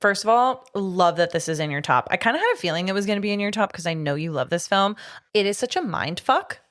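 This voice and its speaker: A woman's voice: medium pitch, lively intonation, fast, fairly bright tone. A woman co-hosting a podcast, chatting casually and enthusiastically, swearing often and using many fillers. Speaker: podcast co-host. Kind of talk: casual chat.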